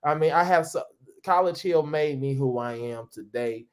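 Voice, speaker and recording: A man in his thirties, an interview guest, telling stories in a casual, animated way, acting out other people's voices and often restarting his sentences. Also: a little high, normal speed, clean tone. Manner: animated, acts out quoted voices, frequent restarts. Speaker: interview guest, former reality TV cast member.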